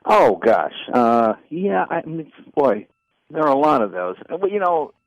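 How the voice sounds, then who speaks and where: An older man with a gravelly, creaky voice tells show-business stories in an interview. He acts out the other people in them as he goes. The sound is dry and a bit dull, like a lo-fi recording. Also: a little high, unhurried, no echo. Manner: animated anecdotes with quoted voices. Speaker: comedian and former talk show host. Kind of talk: storytelling interview.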